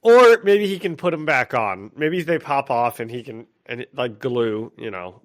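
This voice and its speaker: A man's voice: medium pitch, expressive, moderate pace, no room sound. A man with a mid-range voice reacts easily and laughs often. His speech is loose and full of fillers. He sounds close to the mic in a dry space. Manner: laid-back, laughs often, filler-heavy. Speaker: podcast co-host. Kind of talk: casual chat about a comic.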